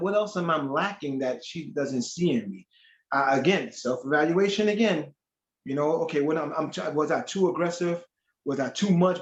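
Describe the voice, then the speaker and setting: Animated storytelling man in an echoey room. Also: on the high side. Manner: animated storytelling with acted quotes. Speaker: panel guest. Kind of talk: casual panel chat. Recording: echoey, dull lo-fi sound.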